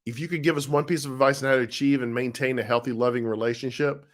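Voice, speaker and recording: A man's voice: medium pitch, steady tone, fast talker. A middle-aged man co-hosting a casual live stream, chatting in a rambling, easygoing way as he answers viewer comments. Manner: easygoing, rambling, with frequent restarts and laughs. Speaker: co-host of a live chat show, husband of the author.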